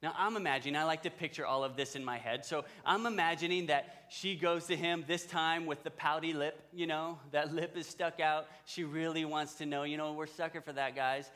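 A man's voice: on the high side, steady tone, brisk, hardly any pauses, sharp tone. A man preaching a sermon, retelling a story in a conversational way and speaking directly to the men in his audience. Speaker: pastor.

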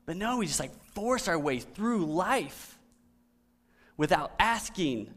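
A middle-aged man preaching a conversational sermon, often dropping to soft, emphatic lines. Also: sits high, big pitch swings, takes it slowly. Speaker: pastor.

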